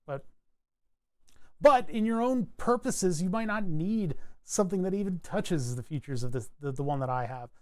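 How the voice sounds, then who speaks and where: A man's voice: a little high, a little mellow. A man chatting casually on a live stream while designing a circuit board, rambling with wry asides and frequent self-corrections.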